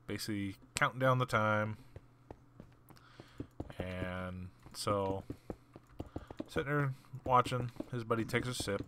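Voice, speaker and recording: A man hosting a gaming channel, casually telling a story while he plays and jumping higher in pitch when he quotes people. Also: slow, long pauses, a little hiss or hum. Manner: animated retelling, jumps higher when quoting people.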